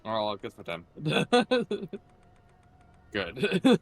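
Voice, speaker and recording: Slow, lively teasing young man. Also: a little high, breathy edge. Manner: teasing, laughs often. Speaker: co-host. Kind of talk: casual gameplay chat.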